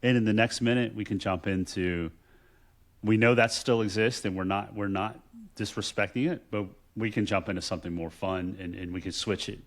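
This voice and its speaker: A middle-aged man from Texas co-hosts a casual chat in a low voice. He tells family stories in a reflective way and often restarts his sentences as he goes. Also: fairly even intonation, normal speed. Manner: warm reflective storytelling, many restarts. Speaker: podcast co-host.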